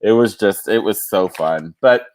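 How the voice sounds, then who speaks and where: A man's voice: on the low side, measured pace, darkish tone. A man hosting a podcast, telling stories in a chatty way with lots of fillers. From New York City area. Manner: chatty storytelling with many fillers. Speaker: podcast host. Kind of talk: casual chat.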